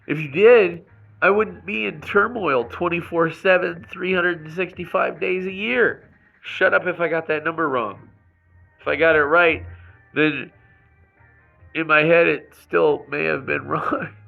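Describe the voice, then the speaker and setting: Man, slow-talking and angry, gravelly voice, raw emotional rant, dull lo-fi sound with faint music. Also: fairly high pitch, fairly even intonation. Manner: angry, raw venting with restarts and swearing. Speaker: vlogger. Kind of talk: emotional personal rant to camera.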